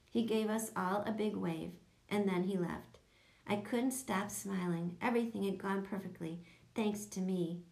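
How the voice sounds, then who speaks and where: A woman's voice: medium pitch, a little slow, vocal fry, darkish tone, roomy sound. A woman narrating a children's audiobook, switching into voices for each character.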